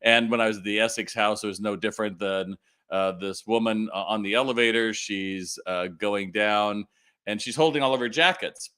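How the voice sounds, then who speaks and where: A middle-aged man from California hosting a live retail Q&A stream, talking in an animated way and often asking viewers to respond. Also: on the low side, clean tone. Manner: animated, quick asides and audience calls to respond.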